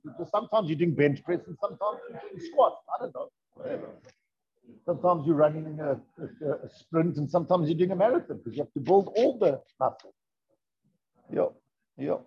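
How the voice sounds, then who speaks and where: A man's voice: a little high, very animated, fairly quick. A man teaching a Torah lesson, explaining in a conversational way, asking rhetorical questions and mixing in Hebrew terms. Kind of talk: classroom lesson with text reading. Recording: dull lo-fi recording.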